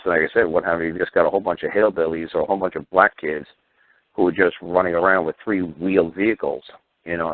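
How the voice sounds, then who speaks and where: A man's voice: low-pitched, no echo. A man hosting a talk radio show, speaking bluntly and heatedly with profanity and stammering restarts. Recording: tinny phone-line radio audio.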